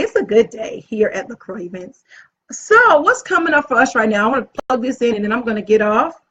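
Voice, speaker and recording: A woman hosting a casual live video as an event planner, upbeat and chatty, often gushing about how excited she is. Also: fairly high pitch, breathy edge. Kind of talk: casual live-stream talk. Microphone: phone or webcam live stream. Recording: dull lo-fi live-stream audio.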